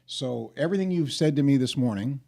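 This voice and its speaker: A man's voice: mid-range voice, lively intonation, fairly quick, gravelly, mellow. A man co-hosting a podcast, speaking emphatically and often checking in with his listener. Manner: emphatic, keeps checking in with "okay?". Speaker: podcast co-host. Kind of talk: casual podcast chat.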